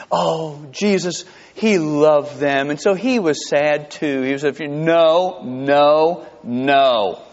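A man preaching a sermon in a church, conversational and animated, with asides and chuckles. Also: on the high side, big-room sound, dull audio. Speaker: pastor. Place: church sanctuary.

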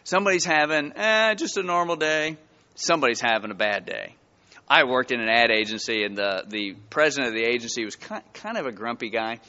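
A man preaching a sermon to his church, telling stories with lively, rising emphasis. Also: mid-range voice, a little fast, long reverb tail, dull audio. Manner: animated storytelling with rising emphasis. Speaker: pastor. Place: church sanctuary.

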